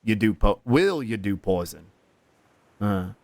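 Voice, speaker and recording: A man's voice: lowish voice, expressive, slow pace, a little mellow, no room sound. A man streaming a role-playing game, goofing around, swearing, and humming nonsense syllables. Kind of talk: casual game commentary.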